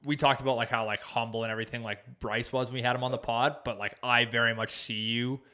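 Guy co-host w a bright sharp voice, chill chat, tosses in quick jokes. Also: medium pitch, little pitch movement. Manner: chimes in with short quips and reactions. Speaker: podcast co-host. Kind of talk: casual chat.

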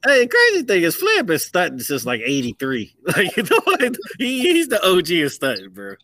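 A man hosts a laid-back wrestling chat, talking in loose slang and breaking into laughter between picks. His voice sits fairly high and leaps around a lot. The sound is close and dry, with no room echo. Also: moderate pace. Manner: animated, laughing often, slangy. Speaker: podcast host. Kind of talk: casual chat.

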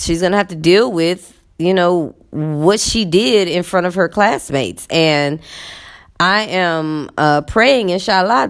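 A woman's voice: fairly low pitch, clean tone. A woman teacher telling a story in a candid, conversational way with many fillers. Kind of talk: storytelling monologue.

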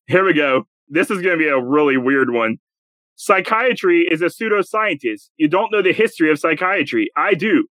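A man's voice: on the high side, lively intonation, moderate pace, a bit bright, dry recording. A young adult man co-hosting a casual podcast, reading out quotes for a guessing game and laughing often. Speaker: podcast co-host running a quote quiz. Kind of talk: casual chat.

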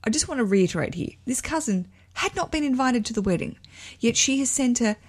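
A woman's voice: fairly high pitch, lively intonation, fairly quick, husky. Candid, swearing woman host. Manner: candid, swearing, self-mocking; digressive, with frequent laughs. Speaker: host of a wedding advice show. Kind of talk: casual chat reading listener letters.

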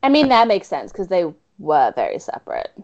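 A woman's voice: lowish voice, wildly swooping pitch, brisk, a little mellow, lo-fi sound. A woman co-hosting a podcast in casual chat, asking questions to pin down points. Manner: questioning, pushes to settle points. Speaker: podcast co-host.

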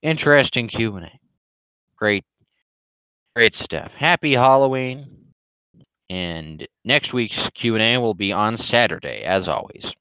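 A man rambling through a casual livestream Q&A in a dry, sarcastic tone. His voice sits low and sounds smooth and clear. It is recorded close and dry, with no room around it. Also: pushed and bright, dry recording, low-quality recording. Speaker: webcomic creator hosting a Q&A stream.

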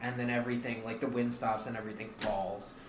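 A man co-hosting a comedy podcast, narrating an improvised story slowly with many hesitations. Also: mid-range voice, flat delivery, reverberant, a loud crowd. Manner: slow, hesitant narration with fillers. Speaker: co-host.

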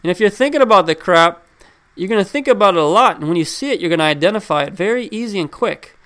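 A man's voice: high voice, animated, quick pace, a bit bright. A man giving a casual motivational talk, speaking straight to his listeners with questions and driving his points home by repeating them. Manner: conversational, drives points home with repetition; addresses listeners directly with questions. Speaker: self-help speaker.

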